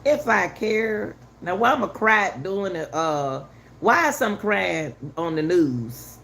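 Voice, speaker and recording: A woman's voice: mid-range voice, animated, slow, gravelly, a bit bright. A middle-aged woman giving heated, casual commentary to her viewers, repeating herself for emphasis. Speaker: channel host commenting on a news case.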